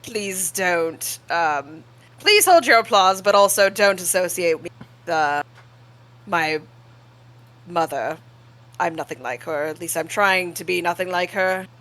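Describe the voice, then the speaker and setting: A woman's voice: fairly low pitch, unhurried, a bit bright. A woman voicing a young female tiefling noble, eager yet insecure, who makes formal, self-conscious introductions in a tabletop role-play.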